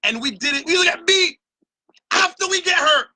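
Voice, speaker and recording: High, bright-voiced Barbadian man ranting. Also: lively intonation, normal speed. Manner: passionate, profane, emphatic ranting. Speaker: opinion show host. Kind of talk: opinion rant to camera.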